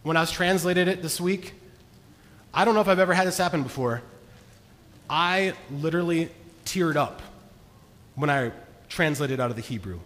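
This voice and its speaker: Earnest high-voiced pastor preaching in a hall. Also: male voice, normal speed, pauses often. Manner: earnest, shifts from hushed to emphatic. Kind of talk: sermon. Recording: long reverb of a large hall.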